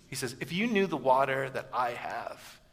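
A man preaching a sermon, telling a story and often dropping to a quiet, soft voice for emphasis. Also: medium pitch, expressive, moderate pace. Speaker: pastor. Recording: echoey hall with long reverb.

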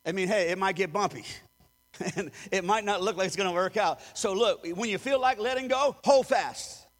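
High-voiced preaching pastor in a reverberant hall. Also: male voice, brisk, a bit bright. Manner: emphatic preaching, calls for congregation to repeat after him. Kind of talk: sermon.

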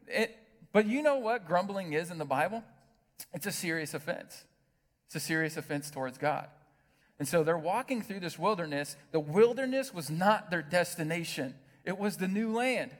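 A man preaching a sermon as pastor, animated, asking the congregation rhetorical questions. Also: high-pitched. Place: church hall with long reverb. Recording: reverberant hall sound.

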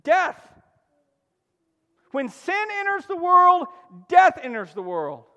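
A high-voiced man preaches with wide swings of pitch, jumping from emphatic calls to quiet, low asides. He keeps asking his listeners questions and prodding them for answers. His voice rings out in a long, reverberant hall. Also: big pitch swings, takes it slowly, dull audio. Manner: emphatic, call-and-response preaching with sudden drops to a hush. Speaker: pastor. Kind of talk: sermon.

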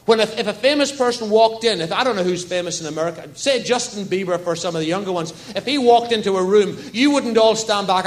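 A man's voice: sits high, fast, hardly any pauses. A man preaching a sermon in a church service, telling stories and asking the congregation rhetorical questions. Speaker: pastor.

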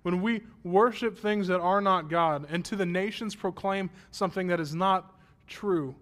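His voice high and fairly bright, moving at normal speed, a pastor in his thirties preaches a sermon that includes a personal story. He's self-effacing and casual at first, then swells into emphatic praise.

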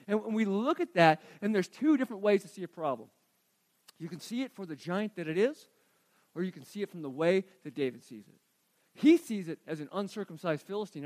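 A man preaching a sermon, retelling scripture in an animated, conversational way. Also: high voice, dry recording. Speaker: pastor.

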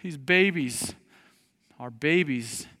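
A man preaching a sermon, emphatic, rising to loud appeals and dropping to quiet earnest asides. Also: fairly high pitch, lively intonation, slow. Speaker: pastor. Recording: long hall reverb.

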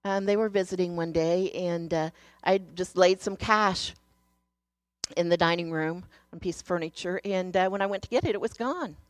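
A woman giving a sermon in an earnest, storytelling way, moving between hushed passages and emphatic ones. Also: lowish voice, moderate pace, no room sound. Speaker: speaker sharing a devotional message.

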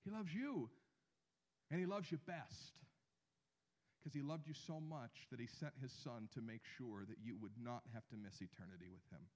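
A man in his thirties preaching a sermon, animated, with slow emphatic phrases and drops to near a hush. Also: medium pitch. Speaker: pastor.

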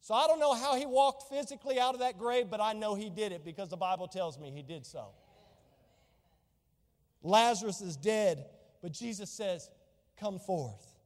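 A man pastor preaching a fervent sermon in a church, swinging from soft to loud, reading scripture in old-fashioned wording. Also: sits high, normal speed, in a large hall.

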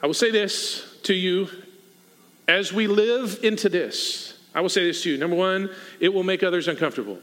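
A man preaching a sermon as pastor, animated and acting out the people in the story. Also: sits high, normal speed. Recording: echoey hall.

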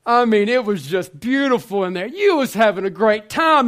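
A man preaching a sermon, telling a story with lively swings from hushed asides to shouted lines. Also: sits high, moderate pace, hardly any pauses.

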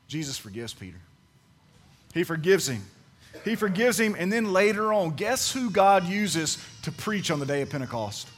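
A pastor preaching a sermon, repeating key phrases for emphasis and swinging between soft and loud delivery. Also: male voice, high-pitched.

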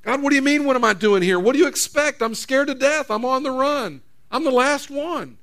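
A preacher voicing a panicked, self-pitying male prophet on the run, complaining in rapid exasperated questions. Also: sits high, fairly bright tone. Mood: frightened.

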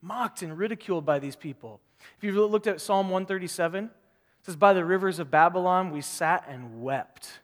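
A pastor delivers his sermon in a bright, high-pitched male voice. He preaches with animation, repeats phrases for emphasis and acts out quoted voices. Every word trails off into the long reverb of a large hall. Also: normal speed.

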